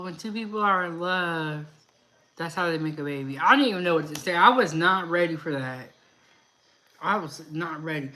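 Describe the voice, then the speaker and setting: A woman's voice: fairly low pitch, bright, forceful tone. A woman hosting a casual live stream, chatting and laughing as she reads out viewer comments.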